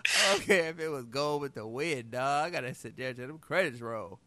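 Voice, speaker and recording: A man in casual podcast banter, telling stories with animated, incredulous reactions. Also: mid-range voice, a little fast, no echo. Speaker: co-host.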